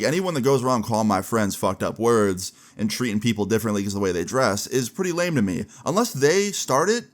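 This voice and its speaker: A young man casually telling a story from his school days, slangy and laid-back, often adding "like" and "right?". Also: on the low side. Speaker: storyteller vlogger. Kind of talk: casual story-time narration.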